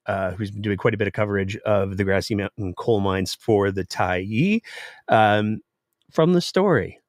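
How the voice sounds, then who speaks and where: A man hosting a live political commentary show, sarcastic and animated. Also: medium pitch, no echo, studio quality. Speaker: political podcast host.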